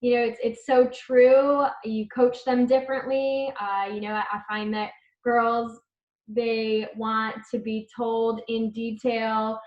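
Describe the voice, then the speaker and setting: A woman's voice: fairly high pitch, level tone, takes it slowly. Female college coach, thoughtful guest, muffled lo-fi audio. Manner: earnest, reflective. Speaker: college head tennis coach. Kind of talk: interview guest, casual talk. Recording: echoey, dull lo-fi call audio.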